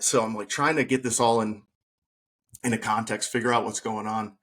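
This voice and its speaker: A man's voice: lowish voice, steady tone, brisk, a bit bright, husky. A man who is a podcast guest, telling his own story earnestly in a conversation and acting out the things people said. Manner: earnest, retells scenes by acting out quoted speech.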